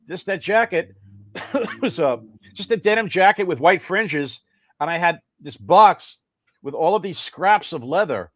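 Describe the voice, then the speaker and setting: A man's voice: high voice, unhurried, no room sound. An older man, a guest musician, telling long rambling anecdotes in a casual interview. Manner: rambling, animated storyteller.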